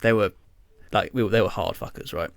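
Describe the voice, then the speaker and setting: Rambling man, low dry voice. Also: fairly quick, vocal fry, no room sound. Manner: rambling storyteller, filler-heavy, swears casually. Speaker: podcast co-host. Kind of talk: casual chat.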